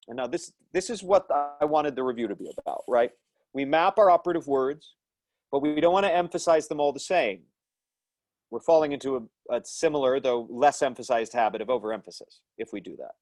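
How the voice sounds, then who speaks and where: An American man lecturing his acting class over a video call. He talks in a middle-pitched voice, firm and emphatic, pausing on ums and uhs as he works out his points. The sound is dry and close. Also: a little mellow, dry recording. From United States. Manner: thoughtful, emphatic teaching with frequent ums and uhs. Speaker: acting teacher. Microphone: video call mic.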